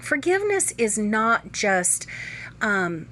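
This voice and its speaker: A woman teaching a spiritual lesson on forgiveness, gentle and earnest, with a relaxed pace and some filler words. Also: mid-range voice, slow pace, a little hiss or hum.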